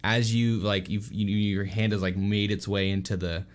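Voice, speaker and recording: A man with a fairly low voice narrates as dungeon master for a tabletop game. His delivery is loose and casual, packed with fillers as he describes the scene to his players. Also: level tone, moderate pace.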